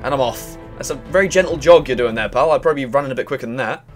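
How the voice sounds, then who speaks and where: A young man chatting excitably and swearing casually while playing through a video game. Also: medium pitch, very fast, soft background music. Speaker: gaming video host. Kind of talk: let's play commentary.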